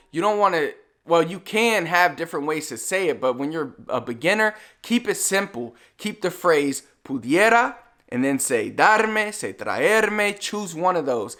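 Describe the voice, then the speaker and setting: A young man with a slightly raised pitch teaches in a loose, chatty way, as if talking to a friend. He slows right down whenever he models an example phrase, then picks his normal pace back up. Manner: relaxed and conversational, slows down to model Spanish phrases. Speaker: Spanish teacher. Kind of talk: casual video lesson.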